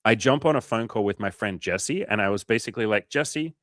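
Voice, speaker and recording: On a coaching livestream, a man answers his viewers in loose, casual chat, spinning animated stories packed with profanity and acted-out dialogue. His voice is on the low side and fast, captured as clean studio audio without echo.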